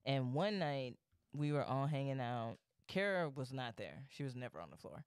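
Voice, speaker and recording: Young guy podcast host, smooth voice kinda high, tells stories loud and swears a lot, dry sound. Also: moderate pace, no echo. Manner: animated storyteller, swears freely, acts out quotes. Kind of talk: casual storytelling chat.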